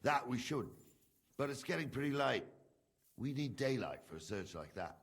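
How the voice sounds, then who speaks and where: An actor playing a calm, matter-of-fact middle-aged male steward in a video game. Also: medium pitch, moderate pace, breathy edge.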